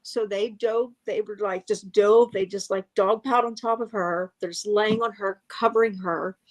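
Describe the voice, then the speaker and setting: A woman giving a halting, emotional eyewitness account, often breaking off and restarting. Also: medium pitch, fairly even intonation, no room sound. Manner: angry and frustrated. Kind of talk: emotional first-hand account.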